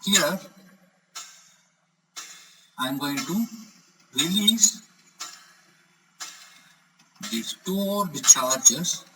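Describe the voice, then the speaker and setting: A man's voice: a little high, animated, very slow, far from the mic, background noise. A man teaching an electronics lesson, explaining step by step and often checking with the class. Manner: repeats "correct?" to check understanding. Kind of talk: explanatory lecture.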